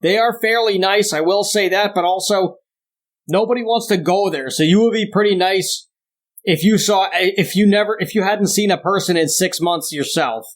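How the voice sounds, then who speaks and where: A young man co-hosting a podcast, his voice sitting a bit high. He talks in casual chat and rants with exaggerated disdain, climbing higher as he gets worked up. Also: moderate pace. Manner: ranting, exaggerated disdain, rising pitch when worked up. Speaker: podcast co-host.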